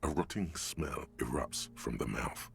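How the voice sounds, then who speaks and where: A man narrating a game in a grave, measured, gravelly voice. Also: extremely low pitch, a bit bright, a little hiss or hum, heavily acted.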